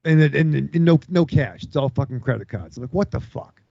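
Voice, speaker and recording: A man tells a rambling story full of profanity, his gravelly voice leaping up and down as he acts out what other people said. The sound is dry and a little dull, like close podcast audio. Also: mid-range voice, quick pace. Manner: animated, swearing, acts out other people's lines. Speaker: podcast co-host.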